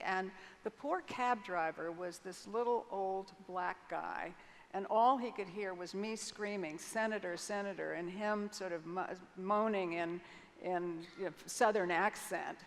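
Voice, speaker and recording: An older woman telling a personal story candidly as an interview guest on a conference stage, frank and vivid, with hesitant restarts. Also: medium pitch. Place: large conference hall stage. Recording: long hall reverb, faint noise.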